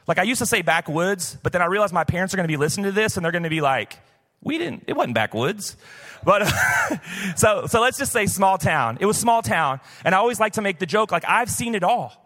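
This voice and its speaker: Pastor, male, 50s, from the southern US; casual storytelling sermon, lightly raised pitch, live hall echo. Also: sing-song, a little fast, a bit bright. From southern United States. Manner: conversational, personal storytelling with many "like" fillers. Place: church, recorded live. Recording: live church hall reverb.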